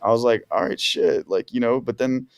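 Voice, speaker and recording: A man's voice: mid-range voice, moderate pace, smooth. A man, a music producer on a podcast, telling stories in a laid-back, rambling way full of slang and fillers. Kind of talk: casual podcast storytelling.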